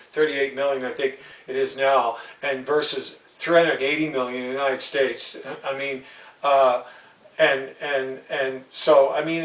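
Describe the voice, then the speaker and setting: A man's voice: fairly high pitch, a bit bright, recorded from a distance. Heated rambling man ranting, echoey room. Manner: blunt, rambling, repetitive, heated. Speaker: YouTube sports commentator. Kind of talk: live unscripted sports rant.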